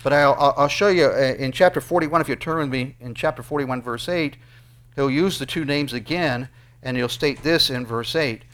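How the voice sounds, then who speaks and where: A male pastor preaching an earnest sermon, with emphatic rises and quick bursts between quieter explanations. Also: medium pitch.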